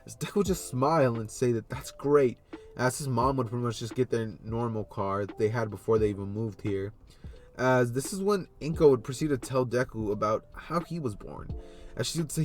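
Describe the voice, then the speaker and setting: A man's voice: medium pitch, moderate pace, darkish tone. A man casually narrating a fan story, rambling with many fillers and loose links.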